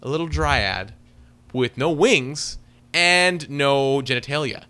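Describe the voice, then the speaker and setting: A man's voice: mid-range voice, slow, sharp tone, clear, resonant tone. A man co-hosting a podcast, giving a sarcastic, exaggerated movie review in casual chat. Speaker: podcast co-host.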